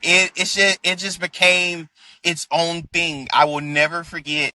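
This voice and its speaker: A man talks slowly and brightly in a dry, close studio sound. He is a wrestler guest in a loose podcast chat, laughing often and circling back to restart his sentences. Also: on the high side, flat delivery, no echo. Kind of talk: casual podcast interview.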